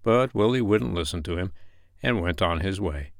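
A man's voice: low voice, normal speed, vocal fry, no echo, clean studio sound. Man narrating a bedtime story. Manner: gentle, expressive reading. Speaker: storyteller podcast host.

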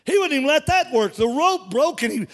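A male pastor preaching an emphatic sermon, calling out to the congregation and rising to shouts. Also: extremely high pitch, lively intonation, a little fast. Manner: emphatic, call-and-response preaching that rises to shouts.

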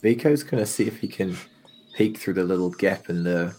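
A man's voice: sits low, moderate pace, a little mellow. A man playing a tabletop game, describing his character's moves casually. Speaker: player.

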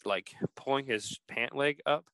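A man's voice: mid-range voice, unhurried, clear, resonant tone, dry recording, low-quality recording. A man hosting a podcast, telling a story casually and acting out the quoted text messages. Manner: animated, acts out quoted texts. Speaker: podcast host.

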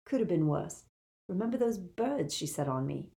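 A woman's voice: lowish voice, sing-song, moderate pace, vocal fry, mellow. A woman doing an awkward teenage wizard boy. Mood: wry.

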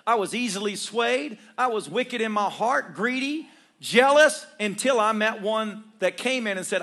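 A male pastor preaching a sermon to his church, calling for responses and rising to shouts, with joking asides. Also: high-pitched, lively intonation, unhurried, hardly any pauses. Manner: call-and-response with congregation.

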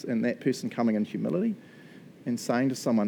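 Mellow-voiced New Zealand pastor telling a story. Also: male voice, medium pitch, expressive, fast talker, a little hiss or hum. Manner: self-mocking storytelling with laughs. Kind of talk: sermon with personal story.

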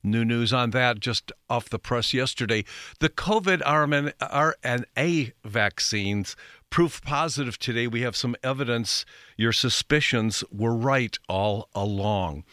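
A man's voice: mid-range voice, takes it slowly, pushed and bright, no room sound, clean studio sound. Folksy, rambling man hosting a talk show. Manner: folksy, rambling, self-correcting. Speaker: show host.

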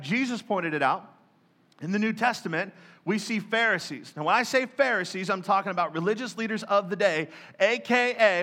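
Bright-voiced male pastor preaching. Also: high voice. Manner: lively, joking, acts out prayers in mock voices. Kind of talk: sermon.

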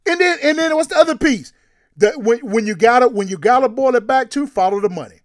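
A man co-hosting a sports radio show, talking in an animated, emphatic, slangy way. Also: very high voice, quick pace, no room sound, studio quality. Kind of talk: casual sports talk.

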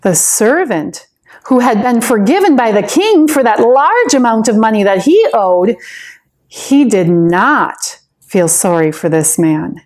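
A woman teacher tells a Bible story to children with a slow, deliberate pace. Her slightly high voice rises and falls in wide, animated swings. She sounds gentle and expressive. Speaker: Sunday school teacher.

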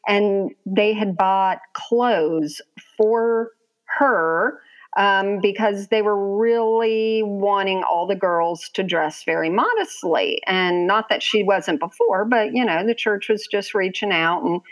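A woman's voice: mid-range voice, slow. A woman co-hosting a casual podcast, chatting and reading a listener's letter in a wry, drawling way.

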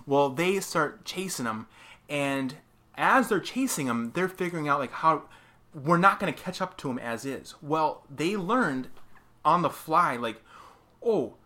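A man casually telling a gaming story, animated, laughing often as he tells it. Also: fairly high pitch, unhurried.

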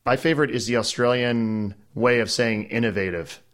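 A man's voice: mid-range voice, normal speed, a bit bright. A man with a Wisconsin accent, co-hosting a podcast in easygoing, joking chat. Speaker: podcast co-host. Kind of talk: casual chat.

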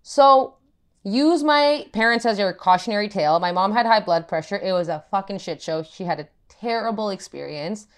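Animated, swearing woman telling a story. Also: mid-range voice, moderate pace. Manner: animated, swears a lot, acts out family members. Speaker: podcast co-host. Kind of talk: casual storytelling chat.

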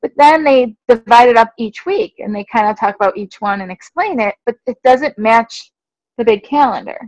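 A woman co-hosting a running podcast in casual chat, self-deprecating and quick to laugh. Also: a little high, expressive, dry recording, muffled recording. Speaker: podcast co-host.

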